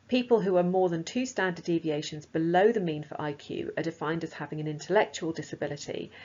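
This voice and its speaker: A woman's voice: low voice, slightly rough. A woman teacher explaining a lesson in a casual, chatty way, with frequent fillers. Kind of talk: recorded lesson. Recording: slightly dull lo-fi sound.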